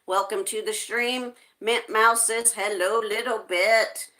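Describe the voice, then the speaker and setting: A woman hosting a live stream, reading viewers' chat messages aloud at an unhurried pace. Her voice is bright and forward, and she greets each newcomer by name. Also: fairly high pitch, fairly even intonation.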